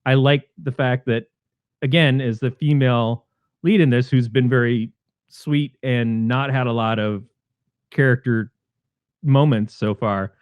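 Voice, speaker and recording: A man's voice: medium pitch, fairly even intonation, unhurried, smooth, no room sound. A man co-hosting a podcast, chatting casually about a film and eagerly retelling its scenes. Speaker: podcast co-host. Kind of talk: casual film review chat.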